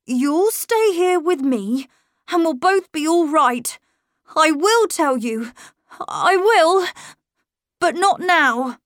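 A woman's voice: very high-pitched, lively intonation, slow pace, dry recording, clean studio sound, voice pushed up, heavily acted. A woman reading a storybook and voicing a young boy who is brave but secretive, speaking earnestly. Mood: pleading.

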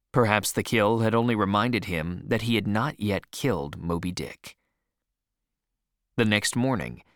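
Slow, low-voiced male storyteller. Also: no room sound, studio quality. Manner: expressive storytelling. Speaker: narrator. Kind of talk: scripted audiobook narration.

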